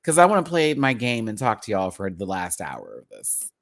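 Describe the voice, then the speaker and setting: Livestream host, male, sassy and animated, casual rant to viewers. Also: normal speed, gravelly. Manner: animated, sassy, talks straight to chat with big pitch jumps. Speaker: live stream host.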